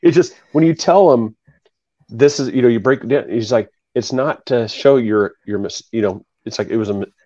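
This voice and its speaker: A man's voice: mid-range voice, normal speed, mellow, dry recording. Rambling man on dull lo-fi audio. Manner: rambling, restarts and repeats himself. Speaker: podcast host. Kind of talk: casual chat.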